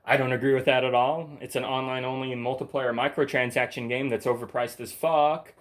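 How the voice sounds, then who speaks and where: A man's voice: medium pitch, flat delivery, fairly quick. Profane rambling man ranting solo. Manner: laughs between points. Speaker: channel host.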